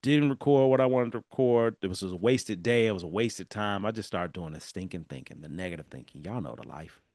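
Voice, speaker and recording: A man's voice: low voice, a little fast, no echo, studio quality. A man from Southern California hosting a solo podcast, telling stories animatedly and laughing as he talks straight to his listeners. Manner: animated storytelling, laughing, talking to listeners directly. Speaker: podcast host. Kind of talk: casual solo podcast monologue.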